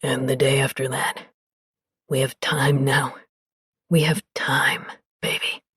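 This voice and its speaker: An intense, lovestruck young male musician, as a female narrator puts him on, low and breathless with a strained edge. His voice is husky and breathy, close and dry with no room around it. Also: fairly even intonation, a little slow, dry recording, exaggerated voice. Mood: tender. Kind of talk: audiobook character voice.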